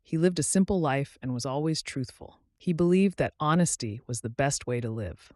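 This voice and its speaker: A man hosting his channel, narrating a children's story clearly and expressively for English learners. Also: a little high, lively intonation, moderate pace, a little mellow, no echo, clean studio sound.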